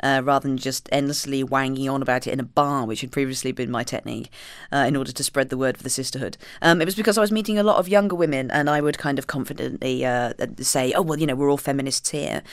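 A woman's voice: rumbling low, fairly even intonation, fast, dry recording, clean studio sound. A woman, an author, talking in an exuberant, comic, emphatic way as a guest on a radio interview. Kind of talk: animated interview and book reading.

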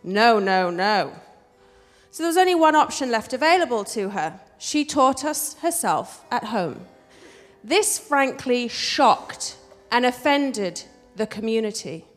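A woman with an English accent telling a personal story on stage in a wry, expressive way. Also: on the high side, takes it slowly, long reverb tail, faint music behind. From England. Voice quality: wry, expressive, switches between posh and street voices.

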